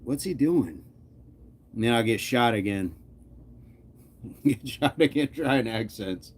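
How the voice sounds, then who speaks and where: A man's voice: mid-range voice, takes it slowly. A man hosting a fitness channel, chatting casually with his live chat, joking often and laughing. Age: adult.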